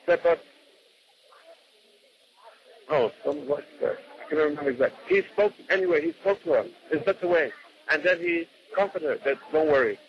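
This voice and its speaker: A man's voice: on the high side, very animated, brisk, vocal fry, dull audio. A man telling a devotional story off the cuff, often repeating words and acting out what the people in it said. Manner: unscripted, repeats words, acts out quotes.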